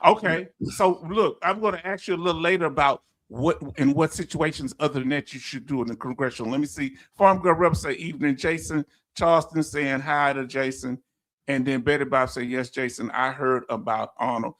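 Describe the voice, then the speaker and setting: A man's voice: on the high side, a little fast, fairly bright tone. A man with a Southern US accent hosting a casual livestream. He reads viewer comments aloud, laughs easily and stumbles over words. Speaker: livestream host.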